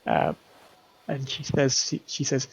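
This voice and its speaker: A man's voice: medium pitch, sing-song, unhurried, vocal fry, husky. A man running a tabletop game as game master, narrating with a hesitant pace full of fillers. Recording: dull lo-fi stream audio.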